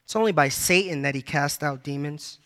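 A man's voice: fairly high pitch, fairly quick, a bit bright. A man preaching a sermon, reading scripture aloud and repeating key phrases for emphasis as he addresses the congregation.

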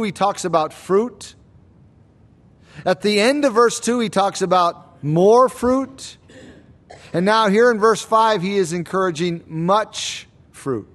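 Man, pastor, sermon, unhurried, emphatic repetition, high voice. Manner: slow, deliberate preaching with emphatic repetition.

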